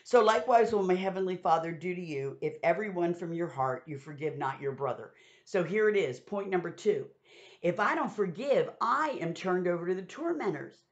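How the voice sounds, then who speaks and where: A woman gives a conversational Bible teaching, retelling scripture in everyday modern words as a sermon. Her voice is on the low side, animated and at normal speed, and the recording sounds dull and lo-fi.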